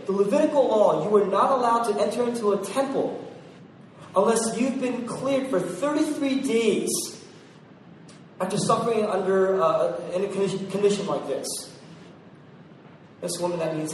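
A man preaching a sermon, swinging from loud emphasis to hushed quiet. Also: high voice. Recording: very echoey, distant mic, faint noise.

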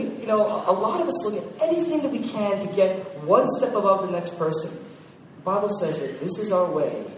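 A man preaching a sermon, swinging from loud emphasis to hushed quiet. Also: fairly high pitch. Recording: very echoey, distant mic, faint noise.

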